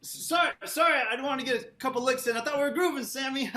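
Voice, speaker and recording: A man's voice: extremely high pitch, fast, sharp tone, roomy sound. A man playing in a show's band, talking back to the host in a sheepish, apologetic, joking way. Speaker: band musician.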